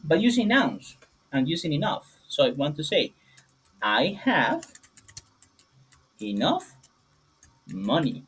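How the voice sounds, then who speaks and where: A man teaching an online English grammar lesson, a native Spanish speaker, often asking "yes?" to check his students follow. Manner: repeats "yes?" to check understanding, lively rises in pitch. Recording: distant from the mic, husky.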